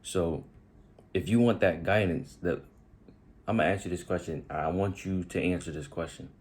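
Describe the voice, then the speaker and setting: A man's voice: sits low, normal speed, darkish tone. A man giving a casual motivational talk to his viewers, speaking directly to them and asking repeated questions. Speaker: motivational video host.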